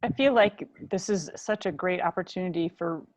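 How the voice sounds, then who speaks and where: A woman's voice: lowish voice, normal speed, no room sound. A woman hosting a video-call discussion, talking conversationally with fillers.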